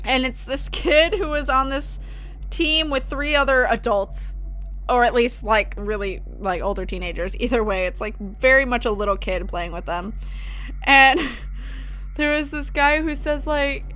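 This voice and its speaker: A woman's voice: high voice, measured pace, fairly bright tone. A young woman streaming live, chatting casually with her viewers, laughing often, and reading out horror files. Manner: giggly, chatty, reacting to chat.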